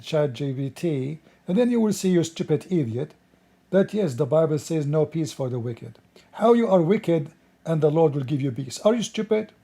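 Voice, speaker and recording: A man hosting a scornful commentary, mocking and insulting in broken English, his voice strained and rough today. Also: fairly high pitch, warm tone. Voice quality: non-native English with broken grammar. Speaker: host.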